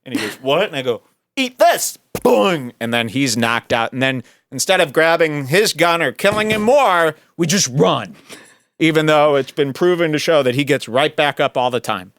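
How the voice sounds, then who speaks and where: A man's voice: fairly high pitch, normal speed, fairly bright tone, dry recording. A man hosting a podcast, giving sarcastic, rambling, jokey commentary on a video clip. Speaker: podcast host.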